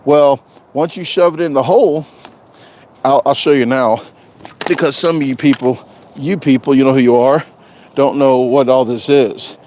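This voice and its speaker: A man's voice: medium pitch, steady tone, moderate pace, long pauses, darkish tone, slight background noise. A man chatting casually on a live stream, rambling and joking, often repeating himself. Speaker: vlogger doing a live stream.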